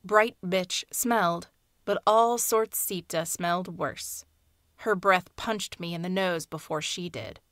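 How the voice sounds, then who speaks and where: A woman narrating a short story aloud in a soft, hushed, measured reading. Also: lowish voice, no room sound, clean studio sound. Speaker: audiobook narrator. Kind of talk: scripted fiction narration.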